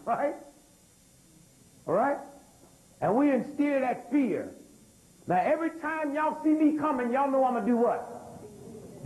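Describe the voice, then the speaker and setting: A man's voice: very high voice, darkish tone, poor audio. An older man, lecturing a live audience, throwing rhetorical questions and asking for responses. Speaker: speaker.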